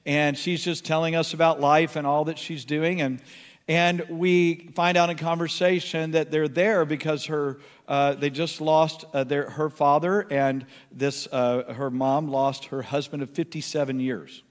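A man's voice: fairly high pitch, measured pace, in a large hall. A male pastor telling a story in a sermon, acting out the people he quotes. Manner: animated storyteller, acts out quotes. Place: large church hall.

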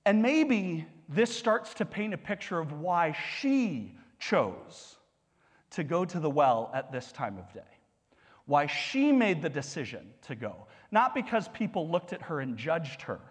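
Male pastor, sermon, high lively voice, husky tone, long hall reverb. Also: a little slow. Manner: conversational, animated preaching with asides.

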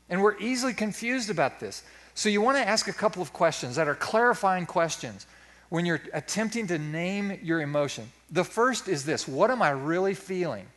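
A middle-aged man preaching a sermon with a somewhat higher-than-usual pitch. He talks in a folksy, self-deprecating way, playing out his own inner dialogue as he teaches. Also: fairly bright tone. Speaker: pastor.

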